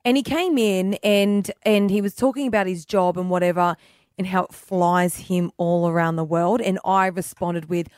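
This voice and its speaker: A woman's voice: on the low side, steady tone, normal speed, a little mellow, smooth, dry recording, studio quality. A woman from Australia co-hosting a radio show, chatty and teasing in casual banter. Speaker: radio co-host.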